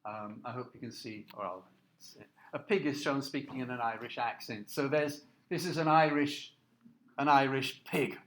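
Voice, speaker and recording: A man giving a recorded lecture, explaining slides in a halting way with many fillers and restarts. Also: mid-range voice, fairly bright tone. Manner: explanatory, asks listeners to look at slides.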